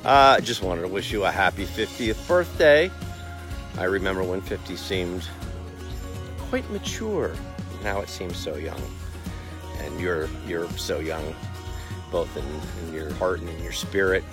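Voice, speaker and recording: A man sending a casual, halting birthday video greeting with many pauses and fillers. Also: deep voice, big pitch swings, over music. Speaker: friend sending a birthday message.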